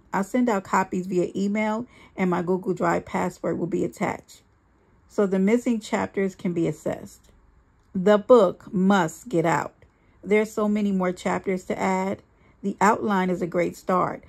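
A woman reading a first-person story aloud, earnest and emphatic, slowing down on key lines. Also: fairly low pitch, vocal fry, a little mellow, breathy edge. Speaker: reader.

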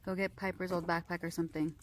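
Chatty mom vlogging outdoors. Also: female voice, fairly low pitch, flat delivery, fast, very noisy. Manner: chatty, scolding then coaxing her toddler. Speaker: vlogger and mother. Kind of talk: casual family vlog. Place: outdoors by a street.

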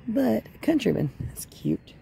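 A woman chatting casually to her phone camera as a vlogger, folksy and quick to laugh. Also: on the high side, big pitch swings, vocal fry, dark tone, a little hiss or hum. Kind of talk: casual vlog chat. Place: outdoors at a car lot, then at home.

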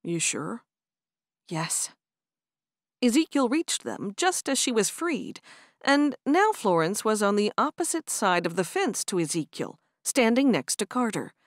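Expressive woman narrating an audiobook. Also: a little high, moderate pace, dry recording, clean studio sound. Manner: expressive storytelling. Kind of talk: scripted narration.

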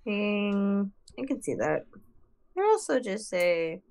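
Relaxed woman, mid-pitched, offering easygoing advice in a casual chat. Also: slow pace. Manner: laid-back, musing.

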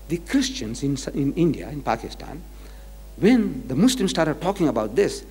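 Emphatic male lecturer in an echoey hall. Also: fairly high pitch. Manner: emphatic and repetitive, citing scripture. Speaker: religious lecturer. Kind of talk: lively religious lecture.

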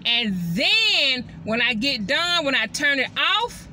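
A woman and mother chatting casually to her viewers from inside her truck, animated and constantly addressing them directly. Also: high-pitched, slow pace, a little hiss or hum. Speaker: vlogger and mother.

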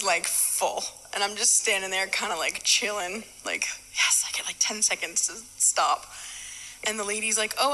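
A woman's voice: medium pitch, pushed and bright, in a large hall, poor audio. A woman telling a casual personal testimony as a ministry student, chatty, laughing often and acting out what each person said. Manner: chatty, laughing, acts out dialogue. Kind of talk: casual storytelling.

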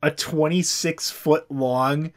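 A man's voice: on the high side, steady tone, slow. A man hosting a podcast, telling a history story in a casual, irreverent way and swearing freely. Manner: irreverent, swears freely, does silly voices. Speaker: podcast host.

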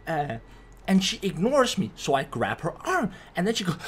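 Animated young man telling a story. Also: sits high, normal speed, noisy background. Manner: animated and profane, keeps asking "right?". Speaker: vlogger. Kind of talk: storytime vlog.

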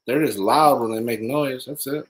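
A man's voice: mid-range voice, normal speed, poor audio. Brief: man, livestream co-host, dry joking banter, casual chat. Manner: joking, deadpan teasing. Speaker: co-host, partner.

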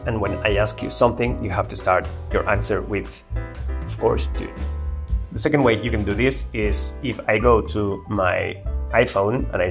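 A man with a lowish voice and vocal fry hosts a tech video. He casually walks through a demo, narrating the screen and giving spoken prompts to an AI assistant.

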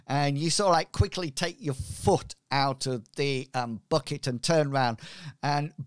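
A man narrating as game master in an unhurried, rambling style with lots of "sort of, like" fillers. His voice sits a bit higher than most men's and sounds smooth and clear. He is recorded dry and close. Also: no echo.

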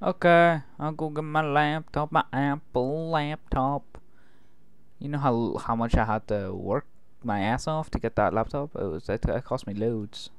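A man's voice: medium pitch, moderate pace, clear, resonant tone, no room sound. A man recording let's play commentary, joking and talking back to the game's characters. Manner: jokey, talks back to game characters. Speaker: gaming video host.

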